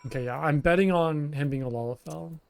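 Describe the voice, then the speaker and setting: A man's voice: fairly high pitch, fairly quick, creaky, a little mellow, faint music behind. A man streaming a role-playing game, chatting casually and rambling with lots of fillers and restarts. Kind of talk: casual gameplay commentary, reading dialogue aloud.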